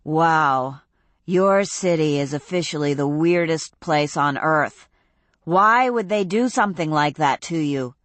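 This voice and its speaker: Scornful tough girl, woman narrator; forceful, blunt, slow. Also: sits low, dry recording.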